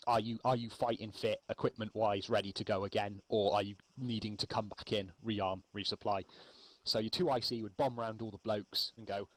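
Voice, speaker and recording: A man explaining radio procedure in a relaxed, rambling spoken lesson, with frequent ums. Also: lowish voice, brisk, rough recording. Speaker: milsim infantry instructor.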